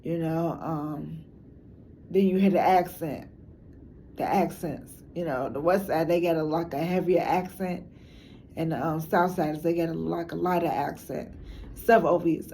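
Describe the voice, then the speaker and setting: There's slight background noise as a Chicago woman, interviewed for a documentary, chats to camera with her Chicago accent. She's rambling, frank, and slangy, laughing often, and her fairly low voice sounds gravelly yet warm.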